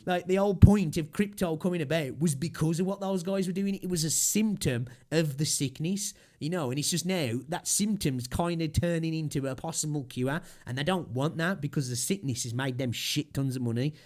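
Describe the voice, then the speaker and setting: A man's voice: on the high side, moderate pace, hardly any pauses, darkish tone. A young man ranting casually on a livestream, swearing constantly and rambling with fillers, with a slightly sore throat. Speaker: streamer.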